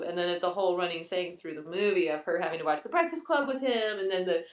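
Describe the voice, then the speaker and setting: A woman's voice: fairly low pitch, lively intonation, quick pace, hardly any pauses, distant mic. Chatty woman on a roomy, muffled call. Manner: chatty, rambling, laughs often. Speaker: podcast co-host. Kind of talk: casual chat over video call. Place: new house, showing the yard.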